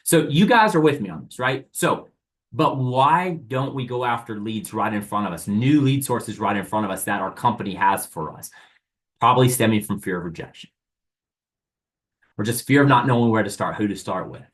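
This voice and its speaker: Speaking at a normal speed with a fairly low voice, a man runs an online sales training. He addresses his audience directly and energetically, firing off rhetorical questions and arguing both sides himself.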